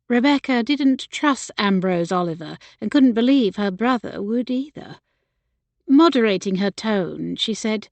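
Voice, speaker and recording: A woman narrating a historical novel as an audiobook in a measured, expressive storytelling style. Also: mid-range voice, creaky, no echo.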